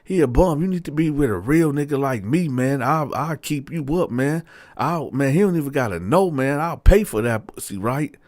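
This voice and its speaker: A man's voice: a little high, lively intonation, moderate pace, darkish tone, no echo, voice pushed up, lightly acted. Male storyteller as an older father-in-law, stammering, pushy, leering; dry sound. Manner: stammering, repeats himself.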